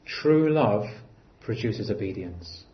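A man preaching a sermon in an earnest way, rising to emphatic lines and dropping to quiet, low phrases. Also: expressive, takes it slowly, dull audio.

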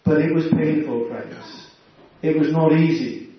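Earnest preacher guy, fairly high voice, far from the mic, big echo, muffled sound. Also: unhurried. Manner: earnest, repeatedly calls the listeners "friends". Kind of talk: sermon. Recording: echoey, distant and dull.

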